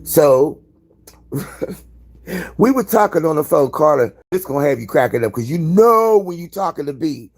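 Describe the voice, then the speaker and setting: Gravelly, husky man chatting candidly. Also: a little high, lively intonation, moderate pace, long pauses. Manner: candid, profane, rambling storyteller. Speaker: live-stream host. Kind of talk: casual live-stream chat.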